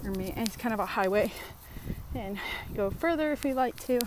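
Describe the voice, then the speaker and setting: A woman's voice: medium pitch, lively intonation, normal speed, noisy background. A woman chatting casually to camera in a rambling vlog, talking outdoors at a park fitness trail. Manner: chatty, rambling, lots of fillers. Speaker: vlogger.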